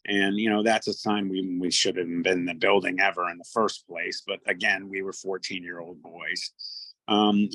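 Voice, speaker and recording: A man casually telling a first-person encounter story in a halting way, often repeating his words. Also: lowish voice, no echo, poor audio.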